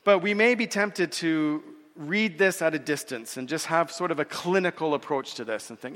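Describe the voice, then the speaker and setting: A man preaching a sermon in an earnest way, repeating words and slowing down when he quotes scripture. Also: a little high, fairly bright tone, in a large hall. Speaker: pastor.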